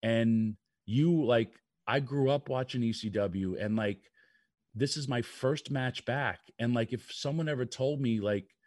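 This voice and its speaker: A man's voice: mid-range voice, a little slow, a little mellow, dry recording, clean studio sound. An older man co-hosting a wrestling talk show, telling long rambling stories full of fillers. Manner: rambling storyteller, lots of fillers. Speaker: wrestling radio co-host. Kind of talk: casual radio talk.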